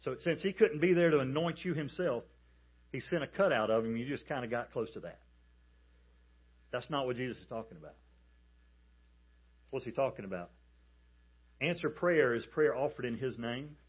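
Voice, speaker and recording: A man preaching a sermon as a pastor, emphatic and animated as he tells a story. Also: medium pitch, slightly rough, highs cut off. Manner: emphatic, animated storytelling with calls for the congregation to repeat.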